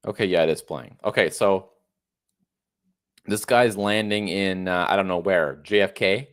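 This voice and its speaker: A man's voice: low-pitched, a little slow. A man in his thirties hosting a casual commentary, reacting to a video in a sarcastic, incredulous tone. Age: 30s. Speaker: host.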